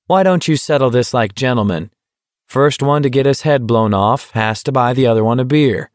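A man's voice: mid-range voice, moderate pace, dry recording, clean studio sound, close to an everyday voice. A man voicing a sardonic young man who mocks and needles others playfully. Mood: mocking.

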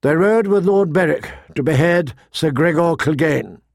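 A man's voice: on the high side, normal speed, creaky, a little mellow, no room sound, clean studio sound. A man voicing a proud, vain young noble girl who talks haughtily, in an audiobook reading. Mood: haughty. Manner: haughty, whiny.

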